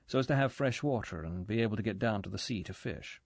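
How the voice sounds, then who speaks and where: A male narrator voicing a cool, decisive British agent who plans in brisk, clipped sentences. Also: on the low side, dry recording.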